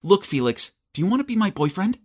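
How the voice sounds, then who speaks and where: A man's voice: high voice, big pitch swings, quick pace, a little mellow, pitched above the performer's own voice. Man voicing a pushy popular teen girl. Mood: demanding.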